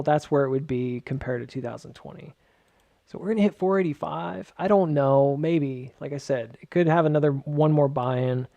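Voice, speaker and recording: Rambling, fairly high-voiced man explaining charts. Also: darkish tone, no room sound. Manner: rambling with joking asides; filler-heavy, many "like"s. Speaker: market charting host. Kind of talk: casual chart walkthrough.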